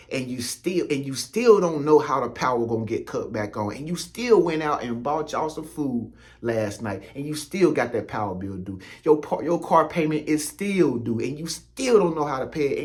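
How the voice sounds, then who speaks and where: Slangy preachy man talking straight to you. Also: medium pitch. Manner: preachy, slangy, repetitive, addresses viewer directly. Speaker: spiritual content creator. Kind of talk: casual motivational spiritual talk.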